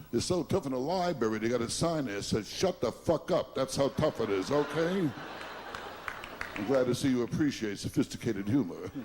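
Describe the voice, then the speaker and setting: A man's voice: medium pitch, slight background noise. A man doing a stand-up comedy routine, firing off brash one-liners and chuckling at his own jokes.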